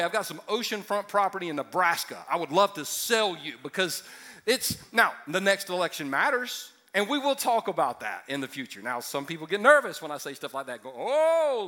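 A man's voice: high-pitched, bright, forceful tone. A man in his fifties preaching a sermon to a church audience, conversational and emphatic, mixing jokes with serious points. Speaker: pastor.

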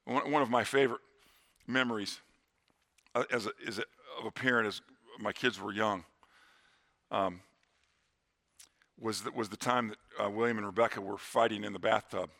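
A middle-aged man preaching a sermon in a church, earnest, slowing down and dropping to a hush on key lines. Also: on the low side, steady tone. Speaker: pastor.

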